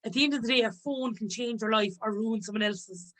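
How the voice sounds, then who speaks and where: A woman's voice: a little high, fairly quick, poor audio. A woman, a podcast guest talking openly and earnestly in casual chat.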